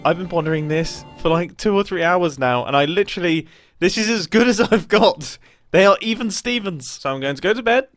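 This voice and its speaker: Brief: playful, chatty male gaming narrator, slightly high voice, soft music bed. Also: expressive, a little fast. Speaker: gaming video creator. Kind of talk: casual game commentary voice-over.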